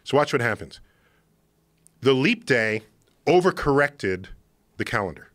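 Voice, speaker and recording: Emphatic man lecturing with lively pitch. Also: measured pace, no room sound, studio quality. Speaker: podcast guest. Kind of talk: animated explanation in conversation. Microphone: studio podcast microphone.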